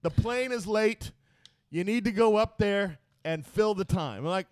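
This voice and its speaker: A man hosting a podcast, telling a profane story loudly and acting out other people's voices. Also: sits high, lively intonation, normal speed, no room sound. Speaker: podcast host. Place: podcast studio.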